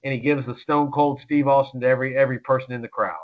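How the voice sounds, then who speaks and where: A man co-hosting a sports podcast, chatting casually about picks in an excitable, rambling way with lots of restarts. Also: medium pitch, fast talker, phone-quality sound. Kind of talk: casual sports betting chat.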